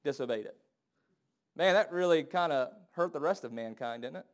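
A married man preaching a sermon, acting out the people he quotes with big jumps in loudness and pitch. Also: moderate pace. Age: adult, married. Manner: animated, acts out quoted voices with big swings in pitch and volume.

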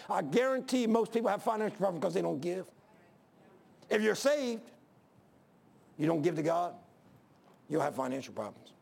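A man's voice: high-pitched, very animated, normal speed, vocal fry, pauses often, darkish tone. An older man preaching a sermon in church, emphatic, folksy and repetitive, driving home each point. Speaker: pastor.

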